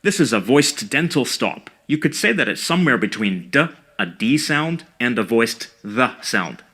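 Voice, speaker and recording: A man giving scripted educational narration about speech sounds, in a measured and precise way. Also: mid-range voice, lively intonation, pushed and bright, breathy edge. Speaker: language educator.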